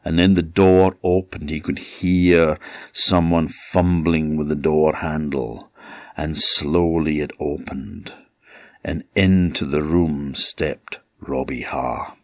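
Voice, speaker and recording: A man with an Orcadian Scottish accent telling a traditional ghost story with slow, dramatic pauses. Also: extremely low pitch, fairly even intonation, dry recording, dull audio. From Orkney, Scotland.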